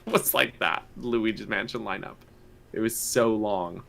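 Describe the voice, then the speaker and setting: A man's voice: fairly low pitch, measured pace, vocal fry, fairly bright tone. A man co-hosting a podcast in casual chat, often laughing between phrases. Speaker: podcast co-host.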